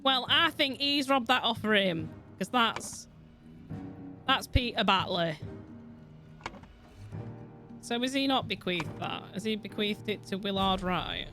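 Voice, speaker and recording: A woman's voice: mid-range voice, slow, long pauses, music in the background. A woman streaming a detective game, chatting casually with her viewers, giggling often, swearing freely and rambling from thought to thought. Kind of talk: casual gameplay commentary with chat.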